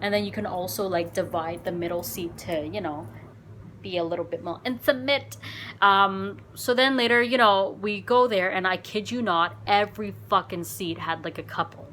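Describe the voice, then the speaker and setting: A woman vlogger telling a dating story in a casual, animated, frank way, swearing and saying "like" a lot. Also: medium pitch, moderate pace, a little hiss or hum.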